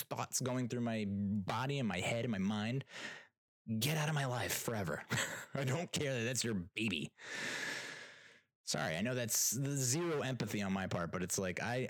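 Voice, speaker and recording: A man's voice: mid-range voice, animated, normal speed, dry recording. A young man, a father, telling a story in a rambling, exasperated way, full of restarts and trailing asides. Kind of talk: casual storytelling monologue.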